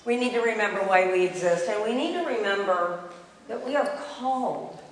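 A woman's voice: mid-range voice, lively intonation, moderate pace, slight background noise. A woman giving an earnest, emphatic sermon in a church, repeating key phrases. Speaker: congregational life staff leader. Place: church sanctuary. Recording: echoey hall, distant mic.

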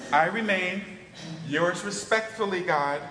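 A man's voice: high voice, noisy background. A man reading aloud as an eager, imaginative orphan girl, dreamy and gushing, in a church. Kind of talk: dramatic reading in a service. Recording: roomy hall with long reverb.

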